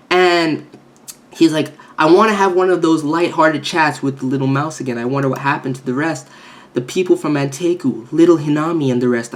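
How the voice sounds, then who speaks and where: Excitable man gushing in a casual review. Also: mid-range voice. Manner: animated, gushing, swears, frequent restarts. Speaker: manga reviewer.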